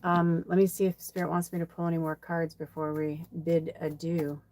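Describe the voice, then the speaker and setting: A woman's voice: sits low, flat delivery, normal speed, darkish tone, slight background noise. Chatty woman psychic on a live stream. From South Side Chicago, USA. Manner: chatty and rambling, many fillers, frequent laughs. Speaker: psychic medium hosting a live card reading. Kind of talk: casual live-stream chat.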